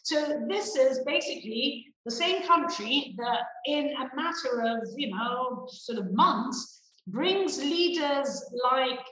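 A woman guest answering interview questions in a measured way with many hesitations. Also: sits high, expressive, sharp tone. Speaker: guest analyst. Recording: roomy, distant microphone.

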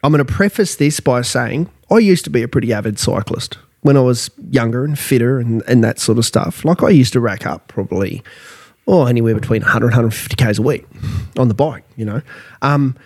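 Sweary Australian bloke ranting. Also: male voice, medium pitch, expressive, brisk, darkish tone. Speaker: podcast co-host. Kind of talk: casual pub banter.

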